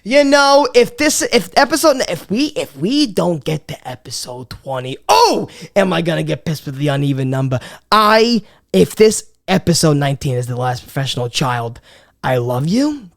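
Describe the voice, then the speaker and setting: A woman in her twenties hosting a podcast, telling a comic story in an animated, swearing way with stammered restarts. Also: deep voice, moderate pace. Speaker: podcast host. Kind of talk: comedic storytelling monologue.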